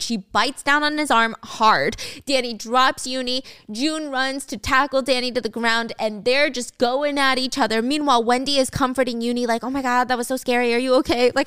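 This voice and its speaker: A woman's voice: fairly high pitch, a bit bright, smooth, no echo. Young woman, chatty drama recap, sarcastic little asides, dry close sound. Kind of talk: casual story recap.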